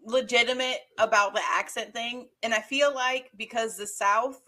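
A woman's voice: on the high side, fairly even intonation, normal speed, sharp tone. A woman from Georgia co-hosting a podcast, talking casually and bluntly about a film. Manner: emphatic, blunt, swears freely. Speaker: podcast co-host. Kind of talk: casual chat, film review.

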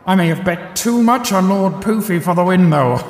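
An actor playing a pompous, boastful young rich aristocrat in an audio drama. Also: male voice, high-pitched, expressive, normal speed, roomy sound, big-room sound, very noisy. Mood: reminiscing. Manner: snooty, boastful showman.

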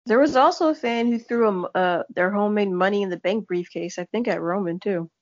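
A woman's voice: medium pitch, a little fast. Chatty woman co-host, dull audio. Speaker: podcast co-host. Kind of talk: casual chat. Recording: dull lo-fi sound.

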